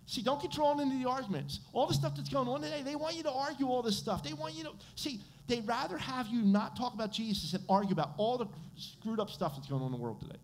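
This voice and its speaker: A man's voice: very high voice, fast talker, hardly any pauses, a little hiss or hum. A man with an American accent preaching a sermon as pastor, quizzing his congregation and answering his own questions. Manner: animated, asks the congregation questions and answers them. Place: church sanctuary.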